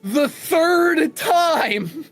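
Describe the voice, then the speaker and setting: Animated man telling a game-master story. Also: very high-pitched, extremely slow, soft background music. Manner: animated, builds up punchlines. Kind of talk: casual storytelling over voice chat.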